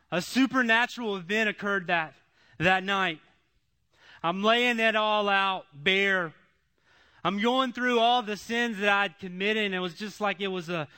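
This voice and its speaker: High, bright-voiced man preaching a testimony. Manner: impassioned, repeats phrases, swings between loud and hushed. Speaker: speaker giving a testimony. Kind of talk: emotional testimony sermon.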